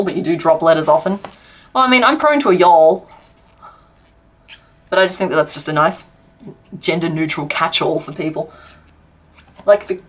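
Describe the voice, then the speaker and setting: An Australian woman chats with her viewers on a live crafting stream. She packs her words into quick run-on sentences and laughs often. She sounds easygoing and unscripted. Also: lowish voice. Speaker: crochet streamer.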